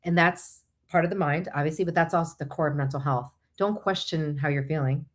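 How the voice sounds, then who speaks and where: A woman's voice: deep voice, fairly quick. Chatty woman counselor hosting a live talk. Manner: animated, chatty, explaining with asides. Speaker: host, licensed counselor.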